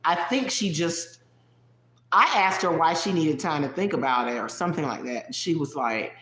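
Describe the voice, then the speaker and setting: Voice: mid-range voice, normal speed, fairly bright tone. A livestream host telling a personal story in casual, digressive chat, talking straight to viewers in the chat. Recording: roomy echo.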